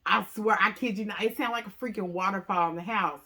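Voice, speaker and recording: A woman casually telling a story to viewers, often calling them "y'all" and acting out what people said with big jumps in her voice. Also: fast. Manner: animated, acts out quotes with big pitch jumps; talks straight to viewers, says "y'all" often.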